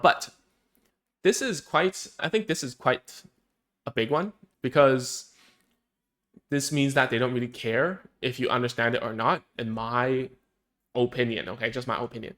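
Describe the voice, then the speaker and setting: A man's voice: mid-range voice, moderate pace, a bit bright. A man, a speech therapist, explaining in a casual, conversational way, thinking aloud and often checking in with "right?" and "okay?".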